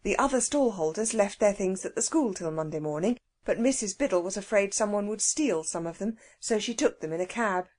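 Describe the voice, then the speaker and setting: A woman narrating a children's audiobook with an expressive, animated reading. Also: medium pitch, fairly quick, hardly any pauses.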